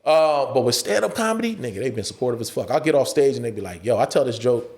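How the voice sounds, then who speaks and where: A man, an actor and stand-up comedian, telling stories as a guest in a casual interview, animated and profane, often acting out other people's voices. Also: mid-range voice, quick pace.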